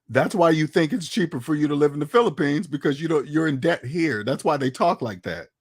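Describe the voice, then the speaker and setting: A man with a slightly higher-than-usual pitch delivers casual, opinionated commentary about money. He talks bluntly, in a lecturing way, and keeps throwing rhetorical questions at his audience. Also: lively intonation, a little fast, few pauses. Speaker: finance commentator. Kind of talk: casual opinionated talk to camera.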